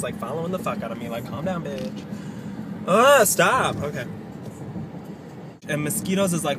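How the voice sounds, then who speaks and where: A man's voice: on the high side, background noise. A young man vlogging in a sassy, profane, dramatic rant, recorded on a phone while out and driving. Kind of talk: casual vlog rant. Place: outdoors and in a car.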